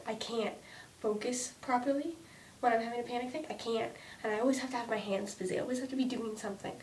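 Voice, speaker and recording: A young woman vlogging an emotional rant about her own anxiety, halting and restarting often as she speaks. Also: darkish tone. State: anxious. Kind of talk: emotional personal vlog rant. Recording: distant mic with faint rumble.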